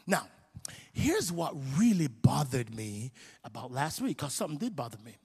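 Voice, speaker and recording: A man with a high, ringing voice preaches a sermon on stage. He talks to the congregation in an impassioned, conversational way, repeating phrases as he builds. His voice carries a long reverb from a large church hall. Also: animated, normal speed, husky. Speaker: pastor.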